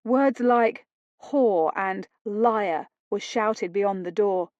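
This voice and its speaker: A woman reads an audiobook in a slow, deliberate, unhurried way. Her voice sits at an ordinary middle pitch, and the recording is dry and a little dull. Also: darkish tone, no echo. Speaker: audiobook narrator. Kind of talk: scripted audiobook narration.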